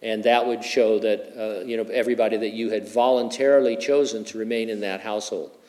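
A man's voice: on the low side, steady tone, fairly quick, a little mellow. A middle-aged man preaching a verse-by-verse sermon, conversational in tone with humorous personal asides. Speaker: pastor. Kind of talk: expository sermon.

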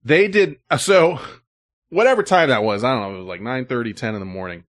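A man's voice: medium pitch, brisk. Profane man telling a story. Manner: profane, animated, full of "like" and "you know". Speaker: live streamer. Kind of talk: casual storytelling to a live chat.

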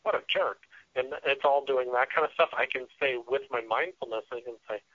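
A man talking earnestly as a radio guest, often restarting and filling pauses as he explains his ideas. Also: medium pitch, fairly even intonation, fairly bright tone, dry recording. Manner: earnest, with frequent restarts and fillers. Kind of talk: casual interview talk. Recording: dull lo-fi radio sound.

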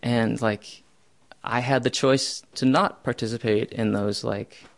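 A man's voice: mid-range voice, fairly even intonation, measured pace, vocal fry. Young man telling a self-mocking story. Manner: self-mocking, with loud bursts when voicing his own panic. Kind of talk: first-person true story.

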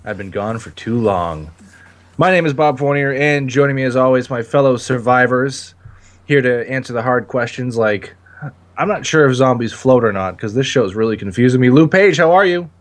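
A man's voice: mid-range voice, moderate pace. A man hosting a casual podcast, cracking jokes and laughing often. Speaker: podcast host.

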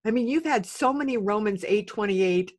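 A woman's voice: medium pitch, animated, normal speed. Effusive woman podcast host. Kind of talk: faith podcast interview.

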